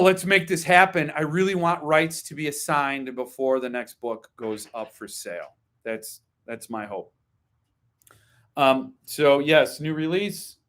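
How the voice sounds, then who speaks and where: This is a man with a slightly high-pitched voice, hosting a casual live stream about books. He chats loosely, full of ums and side remarks. He readily slides into opinionated, wryly grumpy rants. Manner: opinionated, wry grumbling rants; chatty, digresses with ums and asides. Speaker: host.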